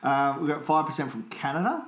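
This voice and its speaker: A man co-hosting a comedic podcast, his voice a little high and very animated. He teases his partner with quick jokey interjections. The room adds a roomy echo. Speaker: podcast co-host. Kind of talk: casual comedic chat.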